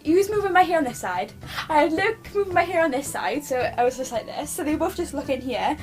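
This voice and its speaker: A woman's voice: sits high, lively intonation, fast talker, faint music behind. A young British woman telling a personal story to her camera at home, gushing and rambling with lots of restarts. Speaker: vlogger.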